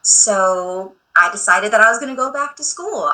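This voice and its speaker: A woman in her thirties speaking as a guest on a radio interview show, candid and quick to laugh at herself. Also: on the high side, expressive, bright, forceful tone, poor audio.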